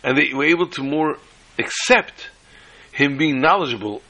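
A man's voice: fairly high pitch, moderate pace, bright, forceful tone, low-quality recording. A man teaching a sermon-style class on the Haggadah, telling a joke and peppering his talk with Hebrew and Yiddish terms. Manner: storytelling, uses Hebrew and Yiddish terms, restarts often.

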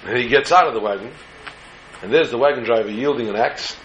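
A man tells a religious folk tale informally, wandering into asides and jokes. His voice sits at an ordinary middle pitch. A faint background noise is present. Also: a little fast, a bit bright, lo-fi sound. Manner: informal, digressive, joking asides. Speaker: storyteller. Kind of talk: casual storytelling of a religious tale.

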